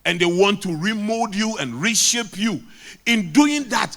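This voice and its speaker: A man's voice: high voice, expressive, measured pace, a bit bright. A middle-aged man with a Ghanaian English accent preaching a sermon, emphatic and repeating key lines. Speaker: pastor.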